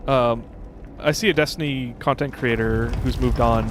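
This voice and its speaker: A young man streaming a video game, reacting loudly and chatting with his viewers. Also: medium pitch, moderate pace, noisy background. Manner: excitable, shouts exclamations, chats to viewers. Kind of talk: casual gameplay streaming with chat. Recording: game music playing behind.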